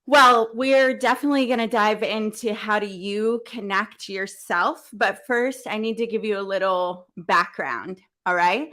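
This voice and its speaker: A woman's voice: medium pitch, fairly even intonation, unhurried, hardly any pauses, a bit bright. A woman guest speaker opening her talk, upbeat and engaging the audience. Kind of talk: motivational presentation.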